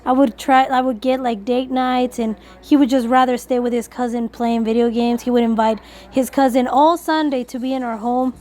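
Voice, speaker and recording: A woman vlogger telling a breakup story to camera, candid and emotional, swearing often and slipping in quick asides. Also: on the high side, fairly even intonation, dark tone. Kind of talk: storytime monologue.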